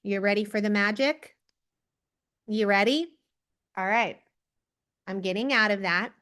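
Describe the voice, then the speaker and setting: A woman leading a team training on a video call, giving an energetic pep talk and calling on people by name. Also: medium pitch, unhurried. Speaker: team leader coaching recruits.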